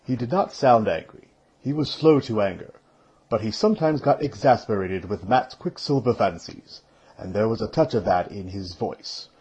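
A man narrating a fantasy novel aloud for a podcast, in a steady voice. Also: on the low side, moderate pace, breathy edge. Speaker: podcast reader. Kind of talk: fantasy book reading.

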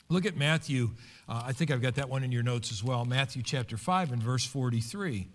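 Animated middle-aged man preaching a sermon. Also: fairly quick. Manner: animated preaching with pitch leaps and personal storytelling. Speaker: pastor.

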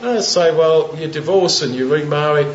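A man's voice: fairly high pitch, moderate pace. A man preaching a sermon, retelling scripture as a conversational story in everyday modern speech. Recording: roomy, dull-toned recording with faint background hiss.

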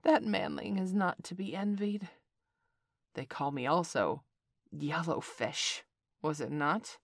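A huge male rock python drawls each word slowly and deliberately, played by a woman reading a storybook. The voice sits low and menacing. The recording is dry. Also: no echo, exaggerated voice. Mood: scornful. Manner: slow, drawn-out, deliberate.

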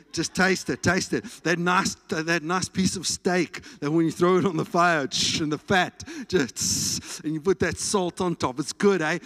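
A man with a South African accent preaching a sermon in a church, animated and playful. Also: high voice. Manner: animated, playful preaching with food talk and shouts. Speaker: pastor. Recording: reverberant church hall.

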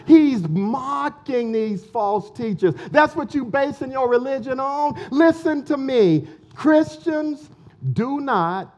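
A pastor preaches in an unhurried, emphatic way, circling back to repeat his key lines. His voice sits high for a man. The recording is muffled and dull. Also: big pitch swings, darkish tone. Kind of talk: sermon.

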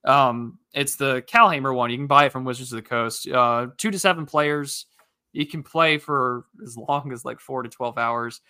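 A man's voice: mid-range voice, fairly even intonation, moderate pace, pushed and bright, smooth. A man co-hosting a casual podcast, making dry, matter-of-fact remarks. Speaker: podcast co-host.

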